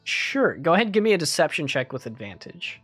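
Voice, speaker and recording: A man's voice: on the high side, sing-song, a little fast, a bit bright, slightly rough, soft background music. A man narrating as game master of a tabletop game, in loose, casual speech with many fillers.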